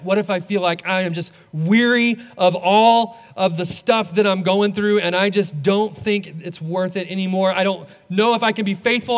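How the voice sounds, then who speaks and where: A man voicing an unsure, doubting believer who asks hesitant, rushing questions. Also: sits high, clean tone, big-room sound, natural voice.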